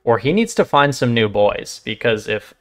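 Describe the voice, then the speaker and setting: A man's voice: mid-range voice, sing-song, normal speed. Questioning man giving reaction commentary. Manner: reflective, asks a lot of questions. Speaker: channel host.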